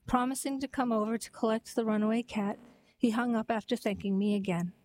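A woman narrating a heartwarming story and then reading a poem aloud in a gentle, even storytelling manner. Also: fairly high pitch, brisk, no echo, poor audio.

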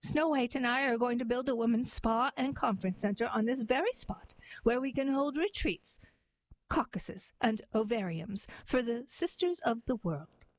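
A woman's voice: on the high side, expressive, normal speed, natural voice. Woman voicing an imperious queen. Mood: lecturing. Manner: imperious, lecturing. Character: haughty indignant queen, woman.

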